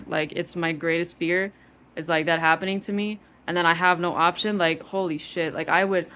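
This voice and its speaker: A young woman rants straight to the camera in a lowish voice. She swears freely and strings her thoughts together with constant "like" fillers, her anger plain throughout. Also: fairly bright tone. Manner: profane, heated, heavy use of filler "like". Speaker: vlogger. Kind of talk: angry personal monologue.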